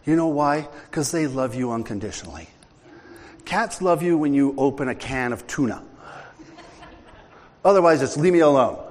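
A middle-aged man preaches in an unhurried, joking way, telling stories to his congregation. His voice sits a bit high for a man and swoops animatedly up and down. Long reverb from a large hall trails after his words. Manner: conversational storytelling, joking with congregation. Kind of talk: sermon.

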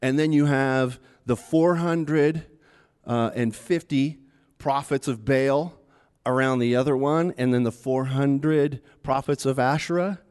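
A man's voice: mid-range voice, measured pace, darkish tone, clean tone. A man preaching a sermon in a chatty, conversational way, retelling a story and acting out the taunts with a rising voice.

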